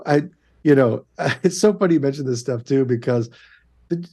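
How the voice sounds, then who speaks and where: A man in his fifties, a guest on a podcast, telling candid stories and breaking into loud self-coaching outbursts. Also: mid-range voice, moderate pace. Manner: animated, shifts into loud self-coaching shouts. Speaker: guest, actor and comedian. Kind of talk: candid conversational storytelling. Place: podcast studio.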